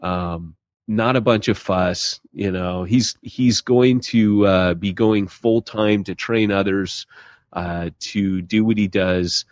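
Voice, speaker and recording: A man's voice: lowish voice, steady tone, slow, no echo, lo-fi sound. A man co-hosting a podcast in casual chat, rambling and laid-back with lots of fillers. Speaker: podcast co-host.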